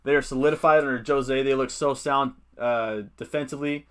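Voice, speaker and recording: A man's voice: mid-range voice, steady tone, a little fast, clean tone. A man hosting a casual fantasy football livestream. He thinks aloud, reads out viewer comments and uses many fillers.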